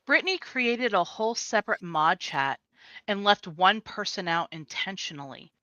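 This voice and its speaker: A woman's voice: mid-range voice, lively intonation, normal speed, pushed and bright, dry recording, highs cut off. A woman guest in a casual commentary chat, weary and pointed, speaking straight to the person she criticizes. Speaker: co-host guest.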